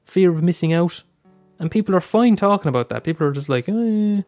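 A man's voice: on the high side, animated, quick pace, a little mellow, no room sound, soft background music. A young Irish man hosting a casual solo podcast, talking candidly with frequent swearing and stammered restarts. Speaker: podcast host.

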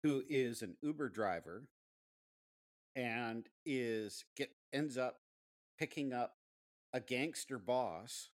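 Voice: medium pitch, expressive, takes it slowly, long pauses. Encouraging podcast host voice. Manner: encouraging, laughing along. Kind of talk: casual interview chat.

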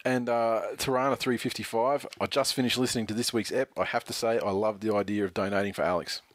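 Australian male podcast co-host, low voice, dry banter, close dry sound. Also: fairly even intonation, fast, no room sound. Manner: dry, reads tweets aloud with laughs and swearing. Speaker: podcast co-host reading listener messages. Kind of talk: casual sports podcast banter.

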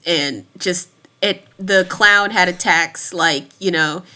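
Bright-voiced chatty woman in her thirties. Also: lowish voice, slow pace. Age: 30s. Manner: chatty, laughs often between thoughts. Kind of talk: casual chat.

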